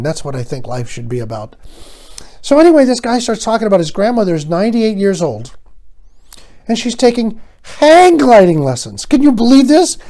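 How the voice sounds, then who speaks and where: An older man hosting his own show, telling a rambling, sardonic comic monologue that swings between loud bursts and quiet asides. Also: sits high. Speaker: host.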